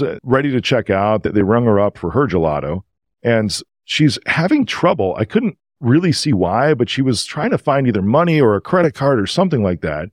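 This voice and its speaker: A man, a podcast guest, telling a story in an animated, emotional, casual way. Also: on the low side, no room sound, clean studio sound.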